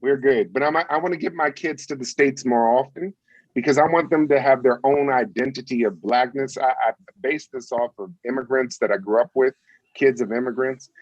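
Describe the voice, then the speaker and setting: A man's voice: medium pitch, dry recording, dull audio. A man as a guest on a casual video-call chat, speaking earnestly with wry asides.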